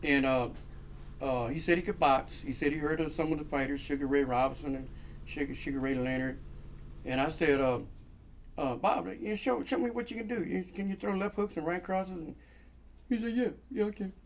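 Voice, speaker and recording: A man's voice: a little high, moderate pace, slight background noise. A man telling a long funny story in casual chat, acting out the voices of the people in it and laughing often. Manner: animated, acts out quoted voices, laughs often. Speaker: guest storyteller.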